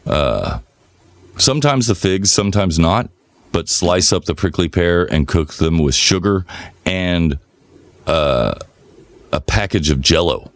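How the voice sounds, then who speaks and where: A man co-hosting a podcast, telling rambling, profane stories in a relaxed, casual way. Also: low voice, takes it slowly, pauses often, no echo. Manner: relaxed rambling storyteller, swears freely. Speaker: podcast co-host. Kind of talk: casual chat, storytelling.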